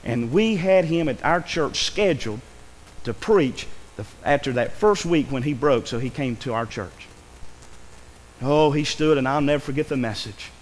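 A man's voice: medium pitch, normal speed, in a large hall, a little hiss or hum, poor audio. A man preaching a sermon in a church, earnest and pleading, his voice rising with emotion. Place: church sanctuary.

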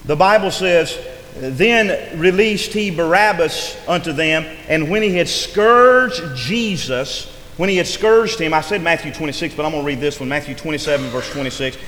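Delivering a sermon, a man speaks at normal speed in a voice on the high side with a fairly bright tone. He uses a rising and falling preaching cadence and frequently stresses his words, recorded in an echoey hall with long reverb and faint noise.

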